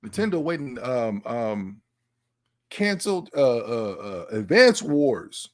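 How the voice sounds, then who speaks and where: A man hosting a casual livestream podcast, excitable and stammering, talking to his live chat. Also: medium pitch, takes it slowly. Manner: animated, excitable, repeats and stammers. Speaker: podcast host.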